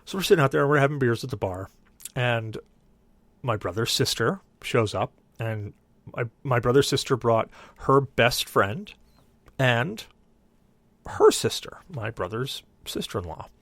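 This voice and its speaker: Guy on a podcast telling a drunk story, voice jumps all over, dry close sound, mid pitch. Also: a little slow, no echo. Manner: animated, voices others in quoted dialogue. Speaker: podcast co-host. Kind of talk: casual storytelling.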